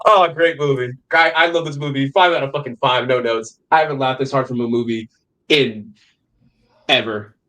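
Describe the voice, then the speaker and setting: A young man co-hosting a film podcast, animated and profane, excitedly retelling scenes in casual chat. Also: mid-range voice, normal speed, rough recording. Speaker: podcast co-host.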